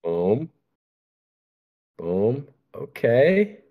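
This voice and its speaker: A man's voice: medium pitch, sing-song, very slow. A man hosting a casual dating stream, laid-back and terse, swearing casually over a video call. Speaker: dating show host. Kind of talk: casual livestream chat. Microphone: video call microphone. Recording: dull lo-fi call audio.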